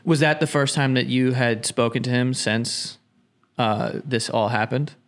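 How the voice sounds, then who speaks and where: A man hosting a podcast interview, asking hesitant, gentle questions. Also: medium pitch, steady tone, measured pace. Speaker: podcast host.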